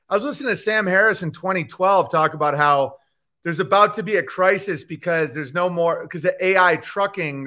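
Male comedian guest, high bright voice, profane fast-shifting rant with mock voices. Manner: ranting, profane, jumps into mocking put-on voices. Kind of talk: animated podcast chat with comic bits.

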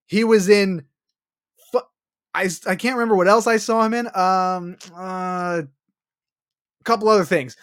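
A man's voice: high-pitched, measured pace, pauses often, clean tone. A man co-hosting a podcast, ranting about a movie in casual chat, swearing often. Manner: profane, ranting, animated. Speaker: podcast co-host.

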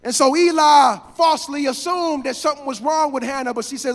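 High-voiced fervent preacher in a reverberant hall. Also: male voice, fairly quick, hardly any pauses. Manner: fervent, rising to shouts and sung phrases. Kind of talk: sermon.

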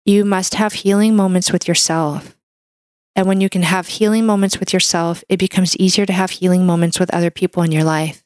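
A woman's voice: on the low side, fairly even intonation, a little fast, a little mellow, no echo, studio quality. A woman hosting a wellness podcast, talking in a heartfelt, encouraging way and filling her speech with "like" and "you know". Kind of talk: casual monologue.

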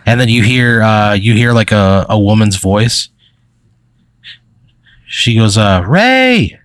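Male game master, low voice, loose rambling narration, dry close sound. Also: little pitch movement, slow, dry recording. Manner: rambling, filler-heavy storytelling.

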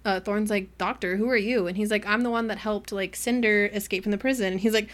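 A woman co-hosting a casual book club podcast, retelling scenes in an animated way and acting out the characters' lines. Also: medium pitch, fast. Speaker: podcast co-host.

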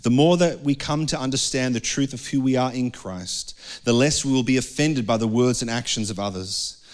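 A middle-aged male pastor preaching in an earnest, conversational way. His pitch sits in an ordinary middle range. At times he eases into a soft, hushed tone of prayer. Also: moderate pace. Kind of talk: sermon.

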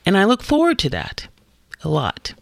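Animated, lively-pitched woman chatting. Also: gravelly, no echo, studio quality. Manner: animated, emphatic, quick rhetorical questions. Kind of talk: casual comedic chat.

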